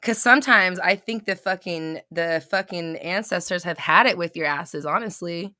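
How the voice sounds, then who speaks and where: A woman coaches her live-stream viewers in loose, unscripted talk, blunt and full of swearing. Her voice is bright and forward. The recording is dry and close, with no room echo. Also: lowish voice, moderate pace. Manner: blunt, swearing, shifts into heated tough love.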